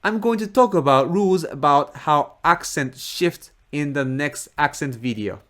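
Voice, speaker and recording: Slow, deliberate Japanese-accented man teaching. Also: a little high, lively intonation, fairly bright tone. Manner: deliberate, repeats example words slowly for learners. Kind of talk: slow, careful lesson explanation.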